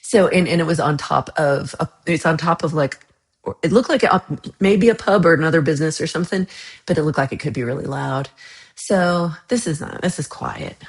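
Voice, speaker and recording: A woman with a slightly low voice hosts a relaxed livestream. She chats loosely with viewers, wanders from one thought to the next and laughs often as she reacts to their comments. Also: a little fast. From United States. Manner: chatty and rambling, laughs often. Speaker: livestream host. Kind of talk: casual chat reading viewer comments.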